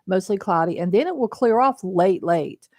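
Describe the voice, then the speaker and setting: A woman co-hosting a local radio show, reading the weather and chatting casually, with lots of quick agreeing interjections. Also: medium pitch, animated, darkish tone, no echo, clean studio sound. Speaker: radio co-host doing the weather. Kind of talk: weather report and casual banter. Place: radio studio.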